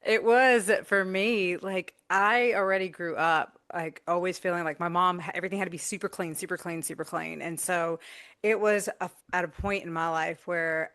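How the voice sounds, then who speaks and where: A woman's voice: fairly low pitch, fairly even intonation, moderate pace, a bit bright. A woman who hosts a podcast and coaches moms, speaking in an affirming, reflective way in a casual panel chat.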